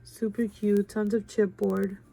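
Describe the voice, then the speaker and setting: A woman's voice: medium pitch, little pitch movement, a little slow, vocal fry, dark tone. Stuffy-nosed gushing craft vlogger woman. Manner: gushing, chatty, keeps saying "you guys". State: stuffy nose. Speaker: craft channel host. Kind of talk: casual show-and-tell chat.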